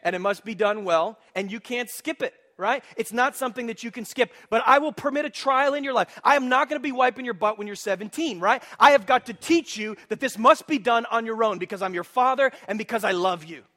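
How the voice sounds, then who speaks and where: Brief: male pastor, high bright voice, animated humorous sermon delivery. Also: a little fast, few pauses. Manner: animated, humorous preaching with direct questions to the congregation.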